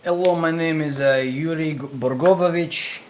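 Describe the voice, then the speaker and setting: A man's voice: on the high side, normal speed, a little mellow, slight background noise, lightly acted. A man voicing a patriotic male Russian chef on a space station, in a put-on Russian accent, with broken English and mock-solemn delivery. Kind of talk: tabletop role-play, character introduction.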